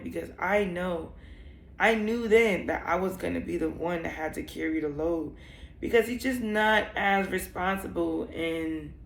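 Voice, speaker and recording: A woman's voice: fairly low pitch, vocal fry, echoey room. A young woman telling a personal story in a vlog, candid and emotional, rambling with many fillers. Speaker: vlogger.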